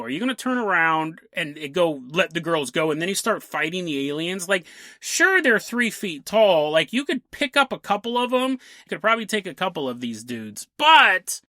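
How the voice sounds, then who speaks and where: Male podcast host, animated swooping delivery, laughs through jokey tangents, dry close mic. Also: high voice, no room sound. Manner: laughs often, jokey asides, voices quick characters. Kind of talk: casual storytelling monologue.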